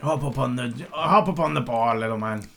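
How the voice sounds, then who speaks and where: A man's voice: medium pitch, moderate pace, creaky, sharp tone, slight background noise. Guy putting on a big friendly half-orc barkeep, irish-ish, chummy village talk. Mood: amused. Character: huge friendly male half-orc bartender.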